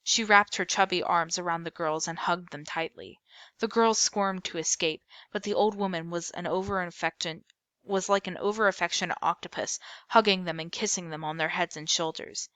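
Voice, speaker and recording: A woman reading a novel aloud as a storyteller, steady with small slips and self-corrections. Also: fairly low pitch, normal speed, dry recording.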